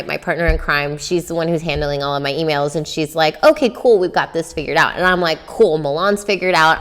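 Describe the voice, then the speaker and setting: Young woman host, casual solo podcast, rambling and chatty, lowish voice. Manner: chatty, lots of fillers, self-coaching. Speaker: podcast host, tattoo artist.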